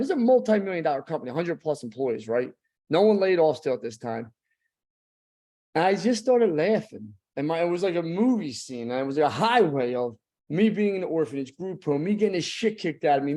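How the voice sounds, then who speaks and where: A man's voice: high-pitched, mellow. Emphatic man giving motivational leadership talk. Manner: emphatic, repetitive, storytelling with rising intensity. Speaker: business owner and speaker.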